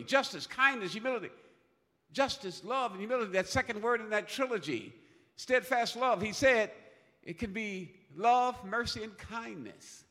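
A man delivers a sermon in a high, sharply bright voice, pressing his points by repeating key phrases and swelling to loud peaks. His words ring out with a long reverb, as in a large church sanctuary. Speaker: preacher.

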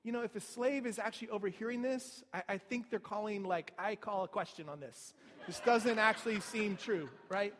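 A man's voice: sits high, moderate pace, fairly bright tone, long reverb tail, a little hiss or hum. A man preaching a sermon in a conversational way, with rhetorical asides to the listeners.

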